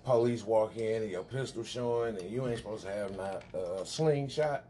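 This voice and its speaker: Low-voiced man, joking crudely. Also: noisy background. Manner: teasing, crude humor. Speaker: podcast panelist. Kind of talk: casual chat.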